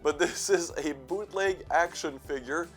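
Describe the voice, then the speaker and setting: Over soft background music, a horror movie channel host with a fairly high voice talks a little slowly. This young man's vlog is casual and rambling, his voice stuffy from allergies, and he swears, laughs, and pokes fun at himself.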